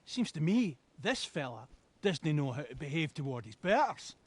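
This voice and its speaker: A man's voice: on the high side, sing-song, normal speed, no room sound. An actor playing a sneering male wedding guest.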